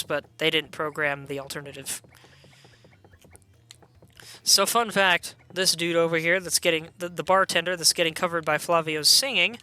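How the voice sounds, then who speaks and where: A man's voice: a little high, bright, forceful tone, clear, resonant tone. A man casually commentating a video game stream, chatty with meandering asides.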